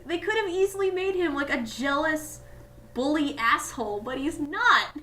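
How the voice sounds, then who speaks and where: A woman with a bright, sharp voice joins an anime chat from some distance off the mic. She talks bluntly, laughs easily and swears often. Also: high-pitched, lively intonation, normal speed, slight background noise. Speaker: co-host. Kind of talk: casual chat.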